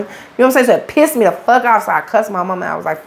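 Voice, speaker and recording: A woman's voice: medium pitch, expressive, rapid-fire, gravelly, hardly any pauses. A middle-aged woman with a Chicago accent, an interview guest telling her story in blunt, profane street talk. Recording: faint background noise.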